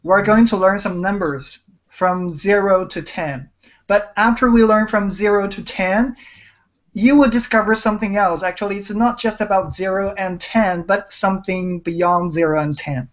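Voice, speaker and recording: A woman's voice: mid-range voice, moderate pace, highs cut off. Patient woman teaching. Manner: patient, repeats words and praises students. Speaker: Chinese teacher. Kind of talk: online beginner language lesson.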